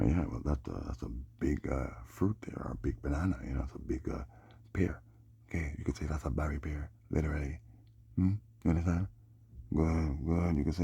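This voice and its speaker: A man's voice: very deep voice, vocal fry, warm tone, slightly rough. A man delivering a rambling solo monologue, drawling and often breaking off with a questioning "hmm?". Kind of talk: rambling monologue on names and prophecy.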